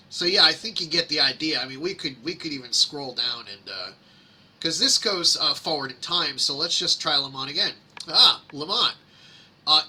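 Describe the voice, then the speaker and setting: Sarcastic, husky man with a bright voice. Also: fairly high pitch, normal speed. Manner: sarcastic, mocking, rambling with many fillers. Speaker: host reading public complaints. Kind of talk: casual screen-share commentary.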